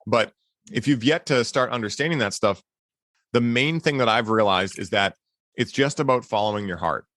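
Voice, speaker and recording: Earnest male podcast host, mid-pitched. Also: normal speed, fairly bright tone, no echo, clean studio sound. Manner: earnest, encouraging, frequent "right?" and "man". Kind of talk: casual reflective conversation.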